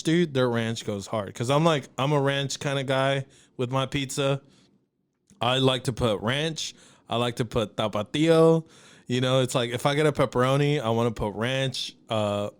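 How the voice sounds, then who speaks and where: A man's voice: medium pitch, clean tone. A man with a Texan accent, co-hosting a casual podcast and ranting bluntly, with joking profanity. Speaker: podcast co-host. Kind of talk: casual chat.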